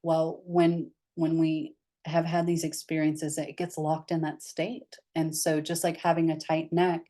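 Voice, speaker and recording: A woman guides a group through somatic therapy in a low, grounded voice with little pitch movement and an unhurried pace. Her manner is candid and gentle, frequently sinking to a soft, quiet tone.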